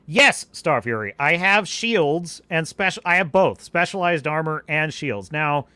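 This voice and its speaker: A man's voice: fairly high pitch, unhurried, clear, resonant tone, no room sound. A man hosting a live stream, chatting in a rambling way and answering viewers' questions. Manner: animated, rambling, restarts sentences. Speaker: podcast host.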